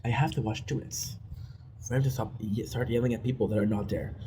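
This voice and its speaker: Male vlogger, native French speaker, low and warm, candid confessional delivery with faint background noise. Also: quick pace, low-quality recording. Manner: candid, repetitive, says "right?" often. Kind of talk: confessional monologue. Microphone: self-recorded.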